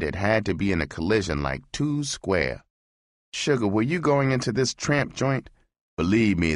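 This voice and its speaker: A man's voice: deep voice, dry recording, clean studio sound. A man voicing a cocky young male street hustler with brash, slick patter.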